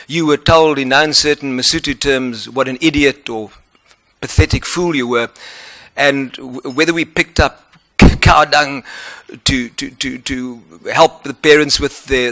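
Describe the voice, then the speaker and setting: A man with a South African accent answering questions as an advocate in a formal interview, earnest and measured. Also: mid-range voice, bright, forceful tone, no echo.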